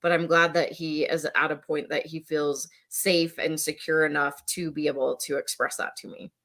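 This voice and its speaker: Middle-aged woman guest with a lowish voice, chatty and loose, fillers everywhere. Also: normal speed. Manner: conversational, filler-heavy, animated when quoting her son. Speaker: podcast guest. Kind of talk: casual conversation.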